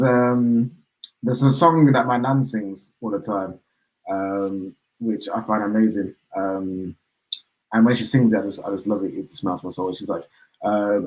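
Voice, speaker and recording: A young man from the West Midlands of England, talking as a podcast guest in animated, slang-heavy casual banter about football. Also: lowish voice, low-quality recording.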